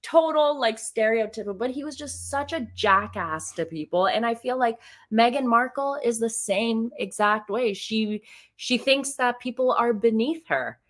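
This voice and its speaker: A woman's voice: fairly high pitch, moderate pace, fairly bright tone. A woman guest on a live video call, a parent talking candidly and bluntly while she multitasks at home. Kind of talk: casual live-stream chat.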